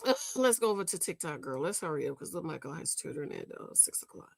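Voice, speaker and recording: Woman, gossip commentary host, exasperated, scolding, lively pitch, close dry sound. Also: fast, creaky, husky, no echo. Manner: exasperated, scolding, repeats herself.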